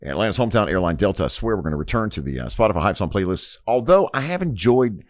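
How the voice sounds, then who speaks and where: A low-voiced man talks quickly on a radio podcast. His pitch swings widely as he rambles through sponsor reads full of fillers and restarts. The sound is close and dry. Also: sing-song, dry recording. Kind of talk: casual banter with sponsor reads. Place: radio studio.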